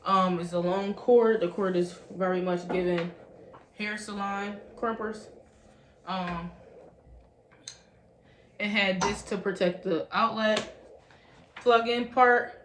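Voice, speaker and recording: A woman's voice: mid-range voice, steady tone, slow pace, pauses often. A woman chatting casually through a product review, calling on her viewers with "y'all" again and again. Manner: chatty, says "y'all" constantly. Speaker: beauty vlogger. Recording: roomy echo, faint background hum.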